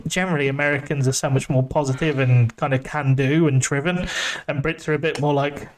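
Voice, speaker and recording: Joking English man, slightly high voice. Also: fairly quick. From England. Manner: joking, animated, playful. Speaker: podcast co-host. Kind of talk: casual chat.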